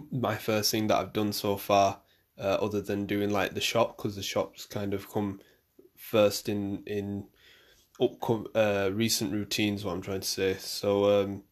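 Rambling young man hosting a podcast. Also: fairly low pitch. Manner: rambling, loose, lots of fillers and restarts. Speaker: podcast host. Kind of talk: casual solo podcast chat. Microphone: camera and mic for a video podcast.

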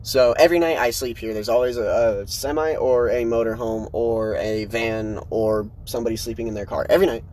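A man's voice: medium pitch, fairly even intonation, a little fast, few pauses, darkish tone, a little hiss or hum. A young man talking casually on his own podcast, slangy and swearing, recorded in his truck in a parking lot. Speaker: podcast host.

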